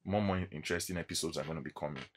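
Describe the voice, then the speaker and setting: A man's voice: a bass voice, very fast. A man with a Nigerian accent, vlogging in a casual monologue and acting out encounters as he tells them. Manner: animated storytelling, acting out encounters.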